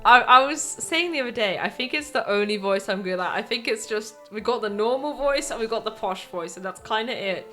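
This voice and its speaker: A woman's voice: fairly high pitch, lively intonation, a little fast, hardly any pauses, a bit bright. A woman streaming a game, chatting casually and joking about herself while she plays. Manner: chatty and self-mocking. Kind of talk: casual let's-play commentary. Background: faint game music.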